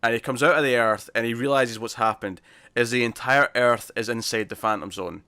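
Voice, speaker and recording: Fast bright-voiced British podcast host. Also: male voice, medium pitch, clear, resonant tone, no echo. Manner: enthusiastic, acts out characters' lines in quotes. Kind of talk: casual comic book review chat.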